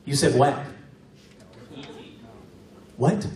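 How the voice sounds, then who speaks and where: A young man doing stand-up crowd work, chatting and laughing with the audience. His voice echoes through a big venue, picked up from a distance, with loud crowd laughter rolling underneath. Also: mid-range voice, moderate pace. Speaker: stand-up comedian. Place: large venue with live audience.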